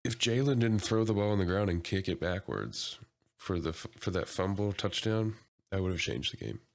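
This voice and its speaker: Low-voiced, laid-back male co-host. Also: lively intonation, moderate pace, creaky. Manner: laid-back, short quips. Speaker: podcast co-host. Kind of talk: casual chat.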